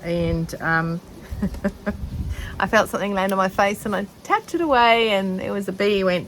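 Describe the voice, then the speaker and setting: A middle-aged woman with a New Zealand accent talks through her sewing outdoors on a shaded deck. She rambles cheerfully, pokes fun at herself and fills her pauses with ums. Her voice sits at an ordinary pitch, with faint noise in the background. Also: fairly bright tone, poor audio. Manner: rambling and self-mocking, with many ums. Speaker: sewing vlogger. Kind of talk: casual chatty vlog.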